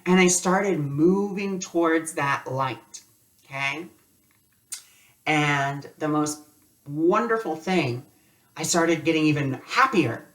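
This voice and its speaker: A man's voice: a little high, lively intonation, slow pace, long pauses, a bit bright, far from the mic. A man teaching a spiritual lesson in a loose, conversational way, telling personal stories with lots of casual fillers.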